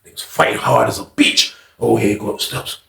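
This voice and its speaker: A man telling a story casually, animated and profane, acting out scenes with sound effects. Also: medium pitch, brisk, vocal fry, roomy sound.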